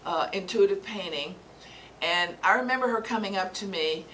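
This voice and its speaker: A woman's voice: medium pitch, fairly bright tone, recorded from a distance, rough recording. A woman speaker gives a sermon-style talk to a small gathering, earnest and prone to repeating herself. She sounds set back from the mic. A faint hum of room noise sits underneath. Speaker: spiritual speaker.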